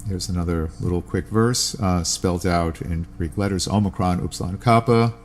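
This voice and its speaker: Low voiced guy reading old text on his podcast, spells greek words letter by letter, slight hum behind. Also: moderate pace. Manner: reads with asides, spells out Greek letters one by one. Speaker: podcast host. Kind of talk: reading aloud a classical text.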